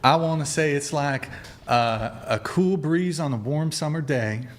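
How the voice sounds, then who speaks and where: A man's voice: fairly high pitch, measured pace, a little hiss or hum. A man hosting a live dating debate show, teasing and goading his guests. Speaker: host.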